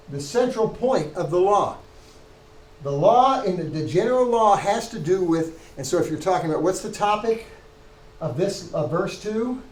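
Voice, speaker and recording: Man, professor, lecturing, emphatic, fairly high voice, echoey classroom. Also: darkish tone. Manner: explanatory, emphatic, with frequent restarts. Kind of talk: university lecture.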